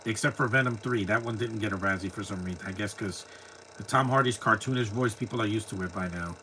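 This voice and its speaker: A man's voice: fairly low pitch, fast talker, sharp tone, slight background noise. A man talking casually through a live movie commentary, tossing out blunt, opinionated asides.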